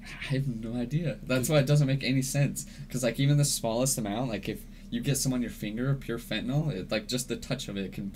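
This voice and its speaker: A man's voice: mid-range voice, steady tone, fairly quick, a little mellow. A young man chatting casually as a podcast co-host, laid-back and swearing freely, often laughing. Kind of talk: casual chat. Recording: faint background noise.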